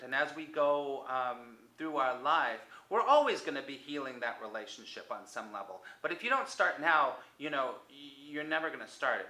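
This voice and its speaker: In this poor-quality recording with a roomy sound, a medium-pitched man delivers a motivational self-help talk aimed at the viewer. His tone is coaxing and repetitive, at times sinking to a soft near-whisper.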